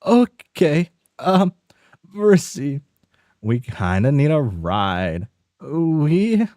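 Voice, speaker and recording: A man's voice: a little high, sing-song, very slow, dark tone, dry recording, clean studio sound, voice pushed up, heavily acted. A man voicing a timid young male troll who stammers through hesitant questions. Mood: confused.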